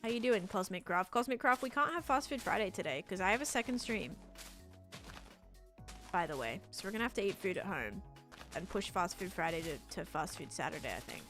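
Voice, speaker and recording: A chatty Australian woman hosts a live game stream with a middling pitch, thinking out loud while she builds and answering viewers as they come in. Soft music hums faintly behind her. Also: lively intonation, a little fast. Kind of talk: live gameplay stream chat.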